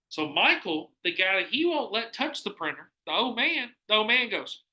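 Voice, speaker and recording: Man, podcast host, casual storytelling, profane, laughs a lot, very bright voice, fairly high. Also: big pitch swings, moderate pace, rough recording. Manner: rambling, profane, laughs often, acts out quotes.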